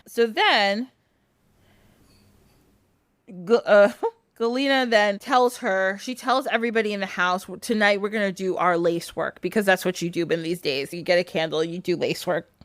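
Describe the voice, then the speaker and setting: Animated woman podcast host retelling a tale. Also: mid-range voice, normal speed, pauses often, dry recording. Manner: animated, laughs often, filler "like". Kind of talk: casual storytelling.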